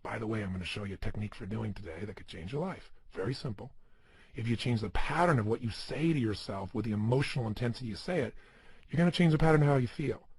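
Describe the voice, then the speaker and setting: A man's voice: lowish voice, slightly rough, no echo. A man giving a motivational seminar talk, speaking emphatically and asking the listener many rhetorical questions.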